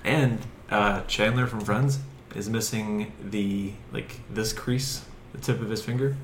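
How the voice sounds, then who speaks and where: A man with a lowish voice who explains things plainly and matter-of-factly in casual podcast talk. His voice echoes in a roomy space, with faint ambient noise beneath it. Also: fairly even intonation, a little slow. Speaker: podcast co-host. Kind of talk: casual chat. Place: outdoors on a summer day.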